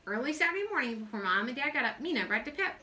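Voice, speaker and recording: A woman reading a children's picture book aloud in a friendly, expressive way. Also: high-pitched, very fast, slight background noise. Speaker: story reader.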